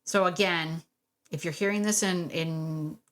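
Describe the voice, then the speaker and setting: A woman hosting a solo podcast about dog training, chatty and warm, laughing often and repeating phrases for emphasis. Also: lowish voice, fairly even intonation, a little slow. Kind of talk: casual solo podcast talk.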